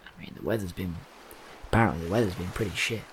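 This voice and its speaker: A man playing his character in a tabletop game, measured and wry. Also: low voice, slight background noise. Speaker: player. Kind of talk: in-character tabletop role-play.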